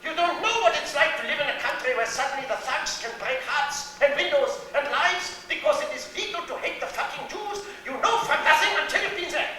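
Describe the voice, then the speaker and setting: An actor playing an elderly European-born refugee landlord with a Yiddish-inflected accent, sardonic and profane, in a theatre monologue. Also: male voice, extremely high pitch, lively intonation, brisk, hardly any pauses, pushed and bright, slight background noise, exaggerated voice. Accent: Yiddish-inflected English. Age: older. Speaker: stage character in a monologue. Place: theatre stage before a laughing audience. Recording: distant, echoey theatre stage recording.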